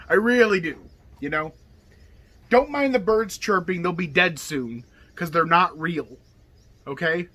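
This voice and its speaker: A man's voice: high-pitched, pushed and bright. A man casually talking through his card game deck, rambling and chatty, filling his talk with okay and you know. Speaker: deck tech host. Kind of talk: casual hobby video talk.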